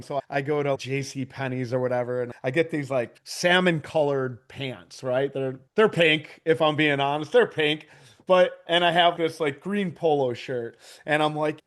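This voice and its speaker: Laughing often and swearing without restraint, a business owner in his forties spins animated stories as a podcast guest. His voice is fairly high and bright, at a moderate pace, and his manner is loose and casual.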